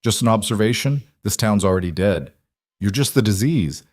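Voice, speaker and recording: A man's voice: on the low side, moderate pace, no echo, clean studio sound. Man voicing a weary old gunslinger. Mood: quiet defiance. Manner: quiet, flat, world-weary. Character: weary old male gunslinger, quietly defiant.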